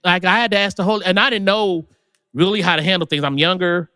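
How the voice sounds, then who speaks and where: A man, a music producer guest, telling stories in a casual chat, leaping into high, lively voices when he quotes people. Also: fast, clear, resonant tone, no echo, in a large hall. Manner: animated, leaps high when quoting people.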